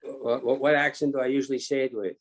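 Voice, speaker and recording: Man reciting a blessing in a steady voice. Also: mid-range voice, quick pace. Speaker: regular participant reciting the blessing. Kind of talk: casual chat and liturgical recitation.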